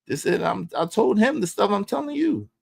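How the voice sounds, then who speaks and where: A man's voice: high-pitched, very animated, normal speed, creaky, a little mellow. Emphatic man ranting on a livestream. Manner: preachy and emphatic, repeats lines for effect. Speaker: livestream host. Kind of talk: opinionated streaming rant.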